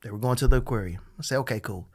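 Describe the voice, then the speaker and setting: A man's voice: mid-range voice, racing. A man appearing as a guest on a comedy podcast, telling stories with an incredulous, teasing manner. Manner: animated, incredulous, teasing storyteller. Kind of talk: casual comedic chat.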